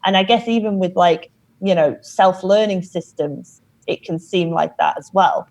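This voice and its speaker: A woman guest on a podcast, explaining things in a measured way with many "you know"s. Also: fairly low pitch, vocal fry, a little mellow, poor audio. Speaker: company founder, podcast guest. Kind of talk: casual interview talk.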